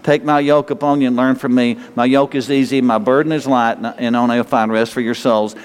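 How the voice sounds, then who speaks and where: A man's voice: medium pitch, steady tone, fairly quick, smooth. A man preaching a sermon and leading a closing prayer, fervent and repeating phrases for emphasis. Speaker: pastor. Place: church sanctuary. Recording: long hall reverb.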